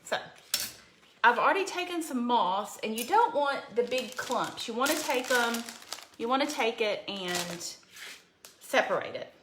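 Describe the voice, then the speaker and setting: A woman's voice: mid-range voice, bright, forceful tone. A middle-aged woman hosts a casual crafting livestream, chatting with viewers by name and growing teary at times. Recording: echoey room with faint background noise.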